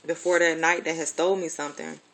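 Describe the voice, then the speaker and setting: Woman, adult, lowish voice. Casual personal storyteller, candid, swears freely, rambles with fillers. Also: fairly even intonation, quick pace, fairly bright tone.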